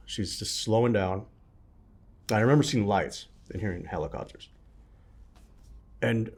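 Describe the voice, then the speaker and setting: A man recounting a childhood memory in an interview, animated and acting out other people's words in sudden bursts. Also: fairly low pitch. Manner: animated storyteller, acts out others' lines with sudden loud bursts. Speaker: interview guest.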